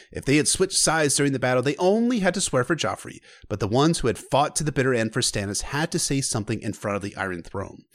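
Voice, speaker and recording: Give me a lively man narrating a book recap with casual asides. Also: medium pitch, no echo, clean studio sound.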